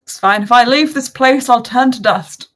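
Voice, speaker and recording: A woman's voice: on the high side, moderate pace, a bit bright, pitched above the performer's own voice, lightly acted. A woman voicing an aloof, cryptic being bound to a house, speaking in a curt, solemn way.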